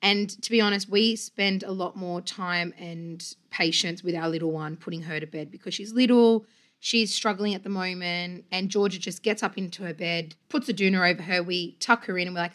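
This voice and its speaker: A woman's voice: lowish voice, moderate pace. A woman hosting a podcast, a mother chatting casually and acting out what her kids said. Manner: animated storyteller, acts out quotes. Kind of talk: casual chat.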